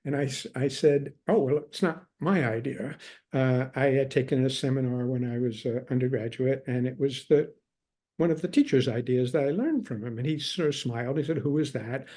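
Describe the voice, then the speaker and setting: A man's voice: medium pitch, normal speed. An older man, a scholar being interviewed, telling long wry stories about his past and acting out what others said. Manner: wry anecdotal storyteller, quotes others in lively tones. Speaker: guest scholar. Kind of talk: relaxed storytelling in conversation.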